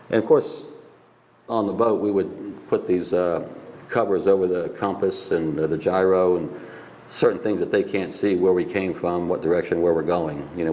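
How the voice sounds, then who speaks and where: A man's voice: low-pitched, warm tone. An older man, a Navy veteran, telling rambling stories in a casual interview and laughing at his own pranks.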